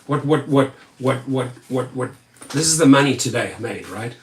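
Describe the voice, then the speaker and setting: A man's voice: medium pitch, lively intonation, normal speed, roomy sound, recorded from a distance, a little hiss or hum, pitched below the performer's own voice, lightly acted. A man voicing a greedy, smug male politician who drawls and stammers while counting cash.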